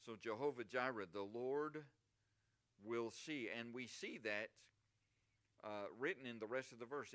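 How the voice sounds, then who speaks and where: A man's voice: medium pitch, measured pace, fairly bright tone, smooth. A male pastor preaching a sermon at a church service, emphatic and full of rhetorical questions to the congregation.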